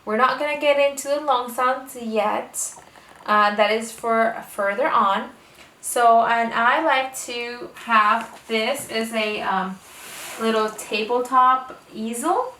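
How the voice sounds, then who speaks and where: Explaining to the camera how she teaches her children to read, a homeschooling mother slows right down and elongates the letter sounds. Her voice is a little high, pushed and bright. The space echoes, she's somewhat far from the mic, and there's slight background noise.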